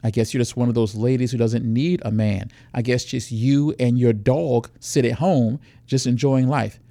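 A man acting out a pushy male predator who flatters and then needles, in a raised, animated voice. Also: sits high, normal speed, creaky, dry recording, pitched above the performer's own voice. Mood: needling. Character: pushy smooth-talking adult male predator.

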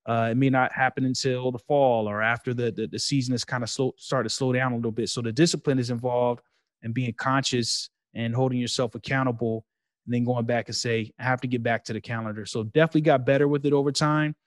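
A man as a podcast guest, speaking reflectively with pauses and fillers. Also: medium pitch, steady tone, no room sound, clean studio sound. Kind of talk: conversational podcast.

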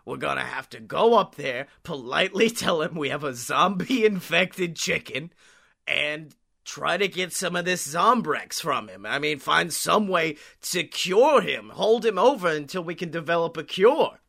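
A podcast host telling an improvised comedy story in a rambling, profane, excitable way. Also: medium pitch, unhurried, gravelly.

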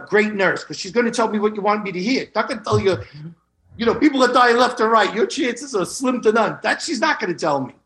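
A middle-aged man with a raised, gravelly voice tells his own story as an interview guest. He talks straight to the listeners in an earnest, plain way and doubles up words to press a point home. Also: high-pitched, a bit bright. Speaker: guest recounting illness.

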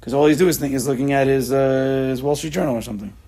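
A man in his forties from the New York area, giving a casual Torah lesson with rapid rhetorical questions and frequent restarts. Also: mid-range voice, fairly even intonation, mellow. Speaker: Torah class teacher.

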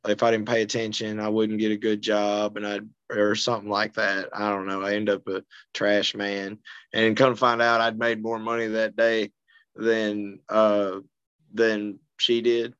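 Low, smooth man, easygoing. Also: completely flat delivery, unhurried, a bit bright, no echo, highs cut off. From Arkansas, USA. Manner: easygoing, chuckles between points. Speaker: podcast guest, speaker. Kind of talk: casual storytelling chat.

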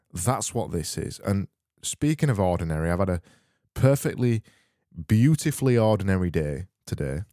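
Man, comedy podcast host, deadpan rambling, low-pitched, mellow dark tone. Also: no echo, studio quality. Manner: rambling, deadpan, repeats and restarts phrases.

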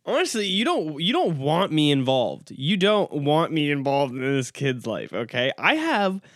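A man's voice: on the high side, very animated, a little slow, fairly bright tone, no echo, clean studio sound. A man hosting a podcast alone, rambling casually with lots of swearing and laughing at his own jokes. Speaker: podcast host. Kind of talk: casual solo podcast monologue.

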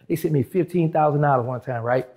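A man talking quickly, his voice pitched a bit high and dark in tone. He tells a long story in a casual interview and acts out each person's lines as he goes. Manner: animated, acts out quoted dialogue in shifting voices. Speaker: interview guest.

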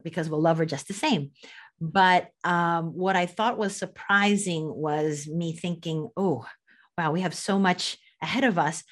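Middle-aged woman, lowish voice, earnest interview guest who restarts sentences often. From United States. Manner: heartfelt, earnest, with frequent restarts. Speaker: estate planning attorney, podcast guest. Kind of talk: candid conversational interview.

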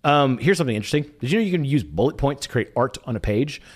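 A man hosting a weekly email show, chatting casually and upbeat with quick asides as he walks through a screen share. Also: mid-range voice, lively intonation.

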